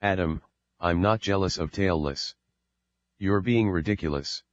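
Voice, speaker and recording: A man's voice: low-pitched, measured pace, dull audio. A man voicing a jealous, quarrelsome young woman in an audiobook, speaking in a bickering, defensive way.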